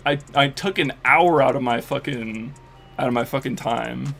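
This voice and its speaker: A male streamer chats loosely while gaming, swearing often and getting worked up as he rambles. His mid-range voice carries a gravelly fry, and faint music plays under it. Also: medium pitch, moderate pace. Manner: excitable, profane, filler-heavy rambling. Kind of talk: casual live-stream chat while gaming.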